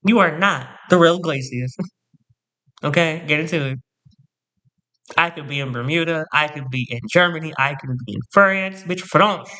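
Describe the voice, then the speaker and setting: A man's voice: on the high side, moderate pace, pushed and bright. A man ranting to camera in a storytime vlog, sassy, boastful and theatrical, repeating punchy catchphrases. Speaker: vlogger.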